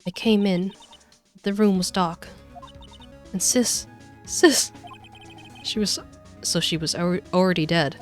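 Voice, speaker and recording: A woman voicing a distraught young woman grieving her sister, reading game dialogue on stream in a halting, stammering way. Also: lowish voice, faint music behind. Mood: shaken.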